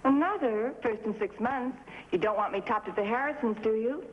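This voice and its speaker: A woman's voice: fairly high pitch, normal speed, close to an everyday voice. An actress playing a worried wife who pleads with and coaxes her husband in a 1950s TV drama. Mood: coaxing. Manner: pleading and coaxing. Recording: dull old TV soundtrack with reverb and faint hiss.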